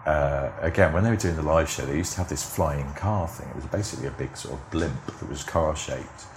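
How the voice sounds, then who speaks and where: Middle-aged guy telling funny behind the scenes stories, really low voice, echoey room. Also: fairly quick, background noise. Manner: chatty anecdotes, acts out quoted voices, frequent laughs. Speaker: podcast guest, TV script editor. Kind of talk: casual conversational interview.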